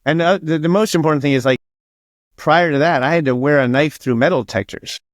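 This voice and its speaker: A man's voice: a little high, a little fast, no echo, clean studio sound. A man being interviewed as an author, telling stories casually, swearing freely and acting out what others said. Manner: swears freely and acts out quoted dialogue.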